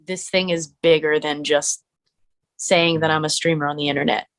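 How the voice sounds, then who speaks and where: A woman's voice: low-pitched, steady tone, moderate pace. Chatty young woman podcast guest. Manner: chatty, many "like" fillers, laughs easily. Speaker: guest, musician and streamer. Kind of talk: casual podcast chat.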